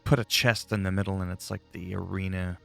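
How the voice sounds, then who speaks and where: A man with a low, heavily gravelly voice rambles casually while he plays, chatty and free with his swearing. Faint game music plays underneath his talk. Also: little pitch movement, fairly quick, fairly bright tone. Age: adult, long-time player. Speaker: gaming channel host. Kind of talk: casual gameplay commentary.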